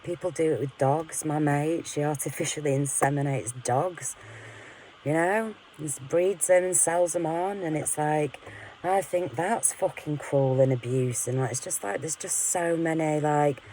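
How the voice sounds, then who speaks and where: A woman's voice: low voice, unhurried, warm tone, slight background noise, poor audio. A woman venting in a candid, rambling monologue to her camera, frank and full of swearing, often laughing at herself. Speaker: vlogger.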